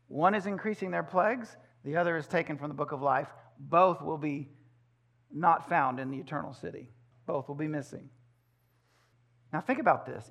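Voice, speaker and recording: A man preaching a sermon in a church, animated and acting out the voices of the people he quotes. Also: high-pitched.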